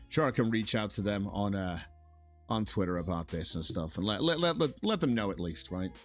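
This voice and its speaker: A man chatting casually on a livestream, rambling and repeating himself as he complains about being targeted. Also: low-pitched. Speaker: streamer in a played clip. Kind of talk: casual live-stream chat.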